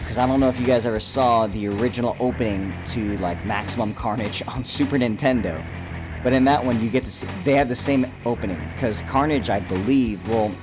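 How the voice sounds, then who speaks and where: A man's voice: lowish voice, a little mellow. A man giving a casual, profane, rambling reaction to a movie trailer, full of fillers and restarts. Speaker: YouTube commentator.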